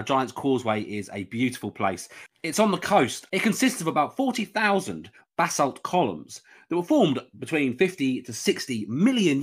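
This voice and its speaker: A man's voice: mid-range voice, fairly bright tone. A man narrating his own travel vlog in a rambling, casual way, often repeating words as he goes. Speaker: travel vlogger.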